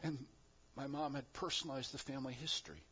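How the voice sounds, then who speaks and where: A man preaching a sermon as pastor, moving between quiet reflective passages and loud, emphatic declarations. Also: mid-range voice, fairly even intonation, fast, dull audio, a little hiss or hum.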